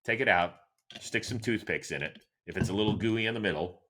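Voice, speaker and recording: A middle-aged man from Cleveland hosting a solo sports show, answering listener questions in an animated, chatty storytelling way. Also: a little fast. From Cleveland, Ohio, USA. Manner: animated, chatty storyteller with lively swings in pitch. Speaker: host.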